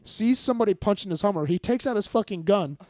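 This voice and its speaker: A man in his thirties telling a profane story in casual chat, acting out the people in it and shouting some of their lines. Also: high-pitched, fast talker, no room sound. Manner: animated, profane storyteller acting out quotes loudly. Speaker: fighter and podcast guest.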